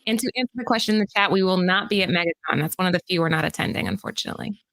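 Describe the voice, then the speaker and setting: Female podcast co-host, slightly low voice, steady reading of sales segments. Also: rapid-fire. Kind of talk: reading prepared segments and casual chat.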